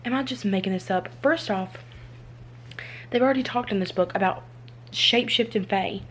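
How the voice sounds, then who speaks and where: Chatty, excitable young woman. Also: mid-range voice, moderate pace, a little hiss or hum. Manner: excitable, chatty, lots of "like" and rhetorical questions. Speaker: book vlogger. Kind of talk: casual reading vlog chat. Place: indoors, then moving between spots without a tripod.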